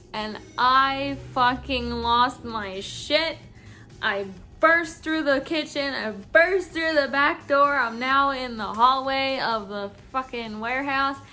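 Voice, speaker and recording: A tipsy woman vlogger telling a story in a casual, animated way and swearing freely. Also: high voice, takes it slowly.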